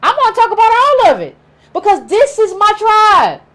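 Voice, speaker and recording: A woman's voice: very high voice, huge pitch swings, normal speed, a bit bright. A woman with an African American accent giving an emphatic opinion monologue, repeating her points and acting out imagined quotes. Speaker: political commentator vlogger.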